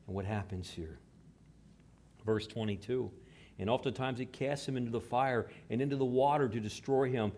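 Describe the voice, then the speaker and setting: A man preaching a sermon, moving between hushed, slow passages and raised, emphatic ones. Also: mid-range voice. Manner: dramatic shifts between hushed and raised delivery. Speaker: pastor.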